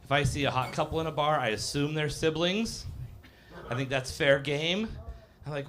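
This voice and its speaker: A man's voice: fairly high pitch, normal speed, a bit bright. A man in his fifties performs stand-up on a cafe stage. He rambles through fillers in a self-mocking tone. He slips into acted-out voices now and then. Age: 50s. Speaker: stand-up comedian. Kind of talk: live stand-up set. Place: live comedy cafe stage.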